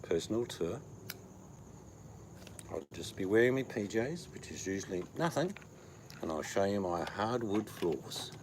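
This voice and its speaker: Low-voiced joking man. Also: lively intonation, unhurried, long pauses, slight background noise. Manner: joking, bawdy banter. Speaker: livestream host. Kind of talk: casual chat.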